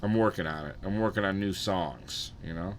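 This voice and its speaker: A young adult man chatting casually and profanely on a live stream, rambling and tired, keeping his energy low. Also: moderate pace.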